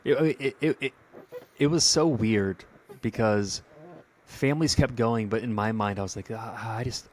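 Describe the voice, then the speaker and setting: A man hosting a casual podcast chat, a father who talks in a halting way and repeats words as he searches for them. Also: lowish voice, a little mellow, slight background noise. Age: adult, a father. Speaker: podcast host.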